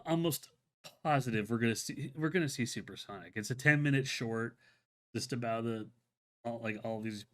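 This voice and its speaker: A man's voice: medium pitch, moderate pace. A man hosting a solo live-stream show, chatting casually and enthusiastically, rambling with many restarts and filler words.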